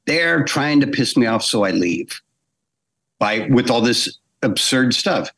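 A man's voice: mid-range voice, slow pace, vocal fry, slightly rough. A man telling behind-the-scenes anecdotes in a casual interview, acting out quotes and restarting phrases. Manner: animated anecdotes with acted quotes, frequent restarts. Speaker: animator guest.

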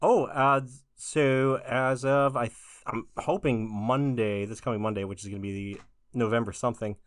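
A man co-hosting a podcast, raspy from a recent illness, chatting casually and laughing often. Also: mid-range voice, normal speed, dry recording, studio quality. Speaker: podcast co-host.

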